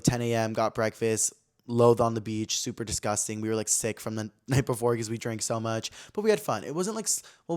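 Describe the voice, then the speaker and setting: Fast-talking man spilling a story. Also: mid-range voice. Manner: rambling, gossipy, peppered with "like". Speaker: podcast host. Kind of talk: casual storytelling chat.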